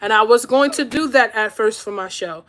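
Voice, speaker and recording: A woman's voice: a little high, moderate pace, fairly bright tone. A woman in her thirties telling a story to camera in a casual, chatty way, checking in with her viewers as she goes. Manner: chatty, keeps checking in with "all right?" and "right?". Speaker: podcast host telling a story.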